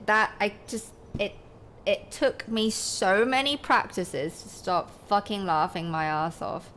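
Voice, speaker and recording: A woman's voice: medium pitch, lively intonation, slow, a bit bright, slight background noise. A woman game streamer rambling casually to her viewers, swearing freely. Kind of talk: casual live-stream chat.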